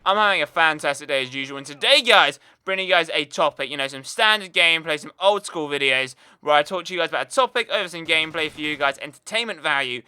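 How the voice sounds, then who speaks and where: A young British man chats through a long anecdote for his gaming channel, rambling and piling on fillers. His voice is very bright and smooth, pitched a touch high. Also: animated, quick pace, hardly any pauses. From United Kingdom. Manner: chatty, rambling, lots of fillers. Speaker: gaming YouTuber. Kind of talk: casual storytelling over gameplay.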